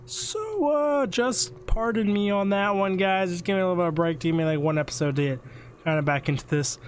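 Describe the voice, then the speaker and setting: A man's voice: sits high, expressive, fairly quick, slight background noise. A young man hosting a gaming channel while sick and losing his voice, rambling casually to his viewers in a self-deprecating way. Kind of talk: casual gameplay commentary.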